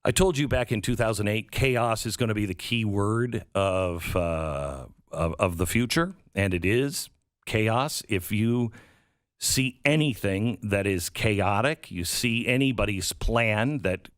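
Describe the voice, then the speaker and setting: A man's voice: fairly low pitch, unhurried, fairly bright tone, no room sound. A man hosting a political talk show, sarcastic and prone to acting out the voices he quotes, on a studio mic. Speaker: radio show host.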